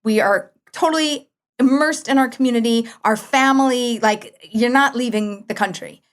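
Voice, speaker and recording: A middle-aged woman talking casually as a guest, telling a personal story and acting out her own past lines with big jumps in pitch. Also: moderate pace. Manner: animated, quotes herself with big pitch jumps. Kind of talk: conversational storytelling.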